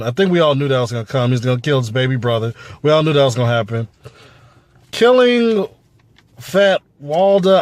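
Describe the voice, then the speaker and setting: A man's voice: on the high side, no room sound. A man giving a casual, profane review of a TV episode, rambling with lots of fillers. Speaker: show reviewer.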